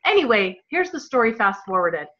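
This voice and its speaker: A woman leading a motivational team call, telling her story in a gushing, excited way and talking straight to her listeners as "you guys.". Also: fairly high pitch, normal speed. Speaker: team leader. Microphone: phone or computer call. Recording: muffled lo-fi call audio.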